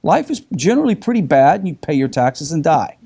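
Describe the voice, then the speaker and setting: A middle-aged man teaching in a casual group discussion, telling lively stories with frequent restarts. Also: on the high side, a little fast, gravelly, slightly rough. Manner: animated storyteller with frequent restarts.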